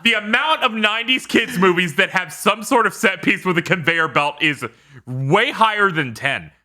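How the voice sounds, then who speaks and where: A man co-hosting a casual movie chat, making quick joking asides and laughing. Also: sits high, expressive, sharp tone. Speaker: podcast co-host.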